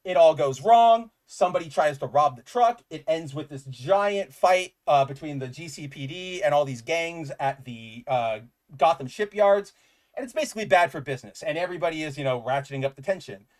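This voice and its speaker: Man, casual comics chat, slightly high voice, eager, rambling, filler-heavy. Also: animated, a little fast. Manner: enthusiastic, rambling, says "like" often. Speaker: podcast co-host.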